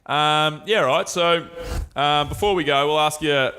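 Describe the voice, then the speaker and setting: A man hosting a casual podcast interview, relaxed, with hesitant fillers as he asks questions. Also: a little high, measured pace, a little hiss or hum. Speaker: podcast host.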